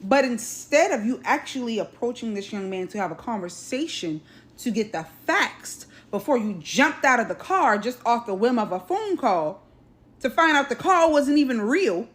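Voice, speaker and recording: A woman's voice: a little high, sing-song, moderate pace. A woman from South Carolina recounting an incident to her viewers in casual commentary, stressing points by repeating them. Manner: emphatic, repeats key phrases; addresses viewers directly. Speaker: social media commentator.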